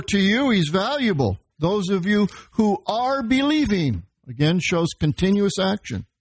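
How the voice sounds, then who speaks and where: A man preaching a verse-by-verse sermon. His voice sits a little high, and he explains the Greek words behind each passage. The sound is close and dry, with almost no room around it. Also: a little mellow, dry recording. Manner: teaching, quoting scripture and Greek words. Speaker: pastor.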